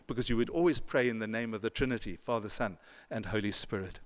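A man's voice: mid-range voice, fast talker, hardly any pauses. A male pastor giving a sermon in a conversational way, with chuckling asides and frequent restarts, and an English accent that is not American. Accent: non-American English. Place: church sanctuary. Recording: long church reverb.

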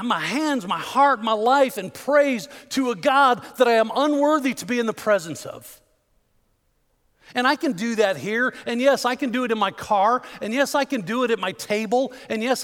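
Male pastor, fervent sermon, rhetorical questions, high voice, long church reverb. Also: a bit bright. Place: church sanctuary.

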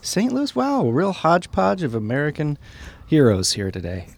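A man's voice: a little high, huge pitch swings, normal speed, vocal fry. A man joking his way through a live comedic golf commentary outdoors at a golf course. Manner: jokey, breaks into singing.

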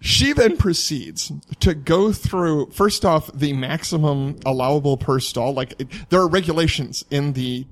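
Young guy telling a dorm story, lively and laughing, voice a bit high, dry close sound. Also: measured pace, few pauses, dry recording. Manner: animated, laughs often, acts out quotes. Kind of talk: casual chat, telling a college story.

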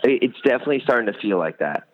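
A man's voice: mid-range voice, expressive, racing. A young man, a band's musician, chatting casually in an interview, rambling with lots of fillers. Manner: rambling, many fillers, enthusiastic. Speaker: band musician, guest. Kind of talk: casual interview over phone. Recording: tinny phone line.

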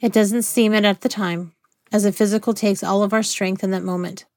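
A woman reading the part of a soft-spoken female counselor who speaks gently and patiently. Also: mid-range voice, fairly even intonation, brisk, no room sound, studio quality, natural voice. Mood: gentle.

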